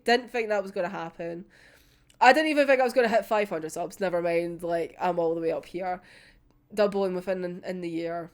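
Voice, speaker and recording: A woman's voice: mid-range voice, clean tone. A young woman chatting casually to her viewers in a vlog, laughing often and swearing now and then. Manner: uses local words like wee and yous. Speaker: YouTube creator.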